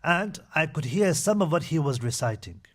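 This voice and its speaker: A man's voice: on the high side, expressive, moderate pace. A man giving a mosque lecture, retelling history in a conversational storytelling manner with frequent fillers. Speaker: imam giving a talk.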